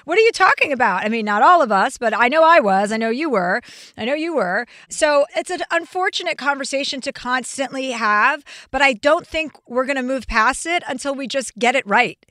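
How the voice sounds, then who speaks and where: A woman hosting a podcast in casual chat, blunt and profane, talking fast and freely. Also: high-pitched, expressive, pushed and bright, no echo, clean studio sound. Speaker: podcast host.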